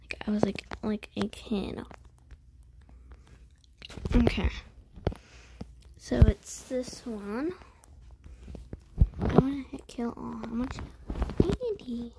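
High-voiced woman narrating gameplay. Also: slow pace, long pauses, heavy background noise. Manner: chatty, many "like" and "um" fillers, drops into whispered asides. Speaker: gaming video creator. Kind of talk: casual let's-play commentary.

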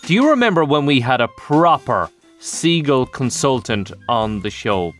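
A man's voice: mid-range voice, very animated, unhurried, a bit bright, faint music behind. An Irish man hosting a breakfast radio show, chatty and jokey, laughing often.

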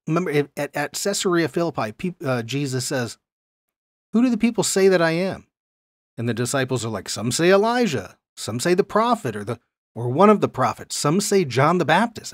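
Male Bible teacher, mid pitch, explanatory lecture delivery, dry close sound. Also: no room sound. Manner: explanatory, stresses key words, reads verses aloud.

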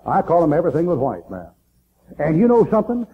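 A man's voice: a little high, huge pitch swings, fast, a little hiss or hum. A man preaching a fiery sermon in a church, folksy and emphatic, repeating lines for effect. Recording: tinny, phone-like old tape recording.

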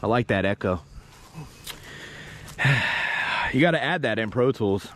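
Outdoors in an open area, a man vlogs off the cuff, cracking crude jokes, freestyling rhymes and talking to himself as he explores. His voice is on the low side, animated, unhurried and fairly bright, with a little hiss or hum in the audio.

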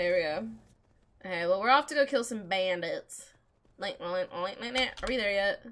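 A woman giving casual let's-play commentary while gaming. She is chatty and excitable, and talks back to the characters on screen. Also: sits high. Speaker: gamer playing a role-playing game.

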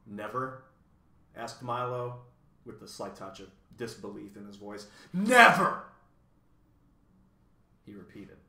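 A man's voice: fairly low pitch, fairly even intonation, moderate pace, gravelly, a bit bright. A man reading a children's novel aloud, with casual asides to viewers, recorded in an echoey room. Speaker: reader.

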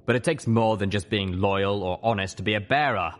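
A man voicing an ancient male dragon who explains things rapidly and earnestly. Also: on the low side, natural voice.

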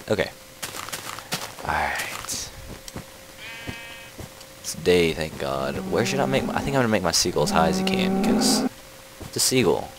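A man's voice: low-pitched, sing-song, measured pace, long pauses, very noisy. A man casually commenting on his own gameplay, rambling and easily distracted, with playful trash talk aimed at animals in the game. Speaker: let's play host.

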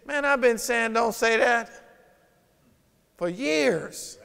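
A man's voice: very high-pitched, lively intonation, slow pace, creaky, fairly bright tone, clear, resonant tone. Emphatic preaching man in reverberant church. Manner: emphatic, conversational preaching with rhetorical questions. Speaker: pastor. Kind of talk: sermon. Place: church sanctuary. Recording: long reverb of a church hall.

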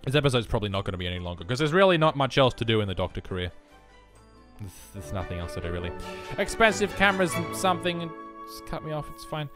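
A man's voice: mid-range voice, very animated, quick pace, a bit bright, soft background music. A man giving rambling, self-mocking let's play commentary alone in his room, full of jokey asides. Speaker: gaming commentator.

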